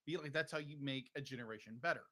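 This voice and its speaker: Guy hosting a movie podcast, rambly, bright tense voice. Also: mid-range voice, fast. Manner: rambling, restarts often, keeps saying "be like". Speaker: podcast host. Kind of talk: casual film discussion.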